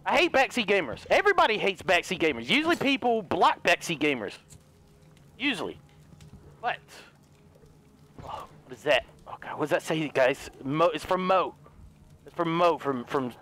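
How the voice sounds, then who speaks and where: Excitable high-voiced gaming commentator man. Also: normal speed, pauses often. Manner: excitable, yelps and swears, talks to viewers. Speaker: gaming youtuber. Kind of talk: let's play commentary.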